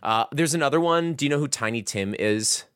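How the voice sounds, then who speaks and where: A man's voice: mid-range voice, animated, brisk, a bit bright, smooth, dry recording, clean studio sound. A man hosting a casual video game chat, rambling and full of filler words. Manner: rambling, heavy use of "like" and "um". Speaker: podcast host reviewing a video game.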